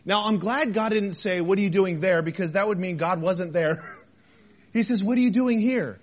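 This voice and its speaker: A high-voiced man preaching a sermon as a pastor. He talks to the congregation in a conversational way, with rhetorical questions. He swings between loud emphasis and soft, quiet asides. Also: moderate pace.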